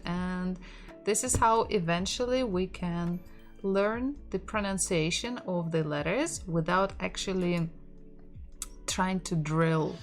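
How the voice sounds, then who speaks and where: A woman teaching a language lesson online, speaking English with a Russian accent. She talks slowly and patiently. Soft music plays faintly behind her. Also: mid-range voice. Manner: patient, explains slowly, laughs softly now and then.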